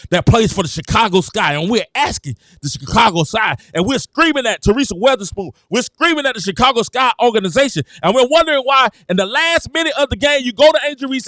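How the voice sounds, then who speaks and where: A man hosting a sports talk show, excitable and repetitive, calling out to his viewers. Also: very high-pitched, quick pace, few pauses, no room sound, studio quality. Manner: excitable, repeats himself, addresses viewers as "citizens". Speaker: sports commentary show host. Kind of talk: animated sports opinion talk.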